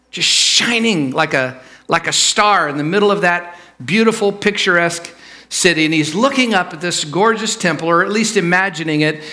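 A man's voice: sits high, pushed and bright. A man preaching a sermon in a church sanctuary, telling it as a loose, conversational story with fillers and restarts. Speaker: pastor.

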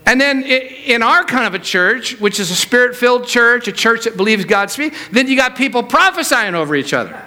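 A male pastor preaching a sermon at a church service, swinging between loud emphatic peaks and quiet low asides. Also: animated, a little fast, hardly any pauses.

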